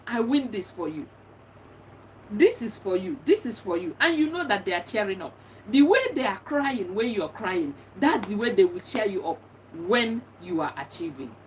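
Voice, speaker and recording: Earnest middle-aged woman, distant mic. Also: fairly high pitch. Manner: earnest, repetitive, encouraging. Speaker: bereaved mother giving advice. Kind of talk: personal testimony talk. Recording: distant mic with faint background noise.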